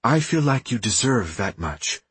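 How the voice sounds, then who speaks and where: A man voicing a calm, guarded female doctor. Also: mid-range voice, measured pace, husky, no echo, exaggerated voice. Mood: calm, firm.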